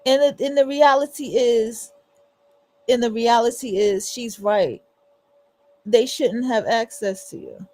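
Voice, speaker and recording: A woman hosting a livestream, giving emphatic, repetitive reaction commentary with a husky voice. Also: fairly high pitch, steady tone, takes it slowly, darkish tone, dry recording. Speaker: livestream host.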